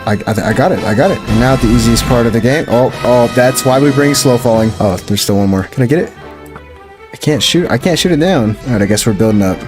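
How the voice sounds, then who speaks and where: A man giving let's-play commentary, excitable and thinking aloud as he plays. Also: medium pitch, fairly quick. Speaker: gaming YouTuber. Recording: game music behind voice. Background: game music.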